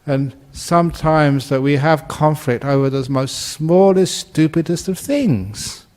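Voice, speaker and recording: A British man in his sixties, a Buddhist monk giving a dharma talk, an animated storyteller who acts out the voices and laughs at his own jokes. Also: a little high, a little slow.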